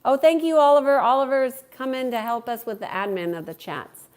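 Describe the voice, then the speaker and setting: Woman doing a live q&a on her stream, kinda high voice, chatty and friendly, greets everyone. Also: brisk. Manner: warm, chatty, greets viewers by name. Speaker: livestream host and coach.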